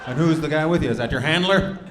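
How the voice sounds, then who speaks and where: A man's voice: on the high side, fast talker. A male stand-up comedian doing crowd work in a club, brash and profane as he needles audience members. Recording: echoey club with loud crowd and noise.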